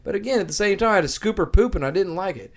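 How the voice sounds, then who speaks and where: High-voiced male co-host, joking and teasing, relaxed chat. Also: rapid-fire. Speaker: podcast co-host. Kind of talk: casual chat.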